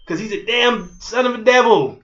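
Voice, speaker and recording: A man preaching a fiery street sermon, repeating himself and jumping between loud outbursts and low murmurs. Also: moderate pace, dull audio. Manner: repetitive, rhetorical, keeps asking "you see".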